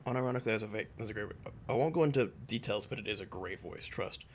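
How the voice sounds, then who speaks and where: A man's voice: fairly low pitch, lively intonation, quick pace, hardly any pauses, husky. A young man chatting casually with his stream chat while gaming, rambling, sarcastic and swearing a lot.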